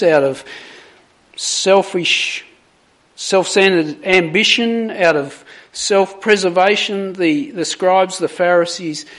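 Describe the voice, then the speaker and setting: A man delivers a sermon at an unhurried, measured pace, his voice sitting somewhat high. He reads scripture with dramatic weight on the quoted speech, then turns to reflect on it for his listeners. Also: fairly bright tone. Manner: slow, deliberate, dramatic emphasis on quoted lines. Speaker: preacher.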